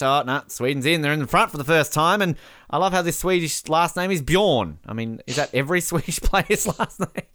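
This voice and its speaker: Excitable man doing jokey match commentary. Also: on the high side, a little fast, no echo. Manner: jokey, bursts into excited shouting at big moments. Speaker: podcast co-host. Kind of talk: casual live watch-along commentary.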